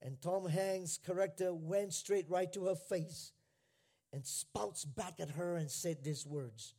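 High-voiced, slow-preaching male pastor. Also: creaky. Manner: swings from hushed to shouted emphasis; repeats phrases for emphasis. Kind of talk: sermon.

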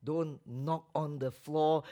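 A man preaching with a high, raised voice. He is emphatic, calls on the congregation to answer him, and mocks the voices of others as he goes. His delivery swings between loud exhortation and low, quiet asides. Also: fairly even intonation, slow, muffled recording. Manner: acts out quoted voices with mocking tones. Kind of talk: sermon.

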